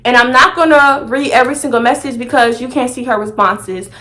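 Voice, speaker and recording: Sassy high-voiced young woman telling a story. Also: brisk. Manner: animated, sassy, dramatic retelling. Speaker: vlogger. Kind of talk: storytime vlog.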